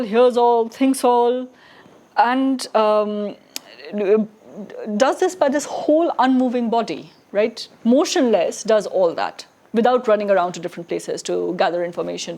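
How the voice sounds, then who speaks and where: A woman's voice: on the high side, darkish tone. A woman giving a recorded philosophy lecture in a conversational way, with frequent tag questions and restarts.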